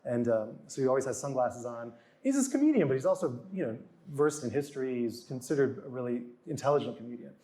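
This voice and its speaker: Animated and fast, with a warm mid-range voice, a man in his forties spins casual stories as a guest author. Whenever he quotes someone, he performs it in a raised voice.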